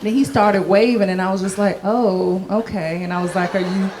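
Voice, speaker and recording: A woman's voice: medium pitch, fairly even intonation, normal speed, a crowd in the background, noisy background. A woman performing a stand-up comedy set. She is playful and self-mocking, and she acts out the voices of the people in her stories.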